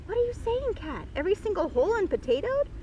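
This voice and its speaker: Flustered old farmer from a picture book, high and lively, voiced by a woman reading aloud. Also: fast, muffled recording, a little hiss or hum. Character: fussy old man gardener, flustered.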